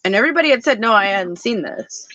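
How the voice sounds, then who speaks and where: A woman co-host chats casually, winding through her story with plenty of "like" and "I was like." Her voice sits at a middle pitch and sounds a little dull and lo-fi. The sound is dry, with almost no room echo. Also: lively intonation, fast talker, a bit bright. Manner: rambling storytelling, many fillers. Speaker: podcast co-host. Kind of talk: casual chat.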